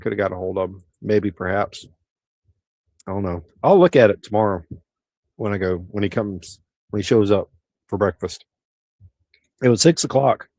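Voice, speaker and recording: A man's voice: on the low side, normal speed, pauses often, a little mellow, no room sound. A middle-aged man, hosting a casual livestream and rambling easily through viewers' comments. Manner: rambling, easygoing, with frequent restarts. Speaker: livestream host.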